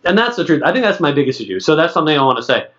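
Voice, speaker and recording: A man's voice: fairly high pitch, big pitch swings, very fast, fairly bright tone. A man in his late thirties co-hosting a casual podcast, telling stories and acting out other people's lines. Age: late 30s. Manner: chatty storyteller, acts out other people's lines. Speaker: podcast co-host. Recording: dull lo-fi sound.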